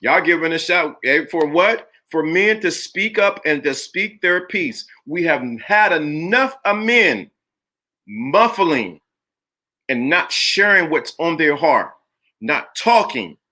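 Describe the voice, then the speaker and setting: A man hosting a live-streamed talk show, his voice bright and forceful and pitched a little above the usual male range. He preaches his points emphatically and hammers key phrases over and over. He also calls out viewers in the chat by name. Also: expressive, takes it slowly. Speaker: livestream host.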